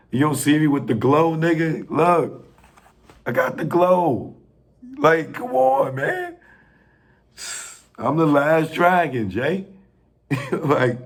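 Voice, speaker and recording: A man in a casual rant to camera, pleading and joking, with slang and sudden rises in pitch when he gets worked up. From New York. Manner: slow, pleading, street slang, laughs at own jokes, pitch jumps when worked up. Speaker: filmmaker addressing industry figures.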